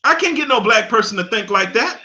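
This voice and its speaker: A man's voice: high voice, expressive, fairly quick, bright, forceful tone. A man, giving an impassioned monologue that repeats phrases for emphasis. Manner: preachy, emphatic, repeats phrases, laughs at his own points. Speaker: commentator.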